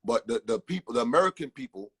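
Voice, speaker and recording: A man's voice: mid-range voice, animated, quick pace, husky, low-quality recording. A man from the Caribbean, an interview guest telling stories casually and emphatically, stumbling over and repeating his words.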